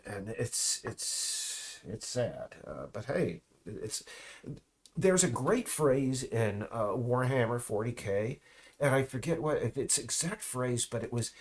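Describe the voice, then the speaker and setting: This man's monologue is slow and loose, his ordinary-pitched voice carrying lively intonation. He keeps restarting, drifting off into asides, and slipping in dry jabs of mockery.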